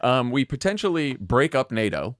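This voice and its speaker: A man's voice: medium pitch, sing-song, moderate pace, a bit bright, dry recording, clean studio sound. A man guesting on a political podcast, blunt and mocking, who often stops on fillers. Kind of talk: casual political chat.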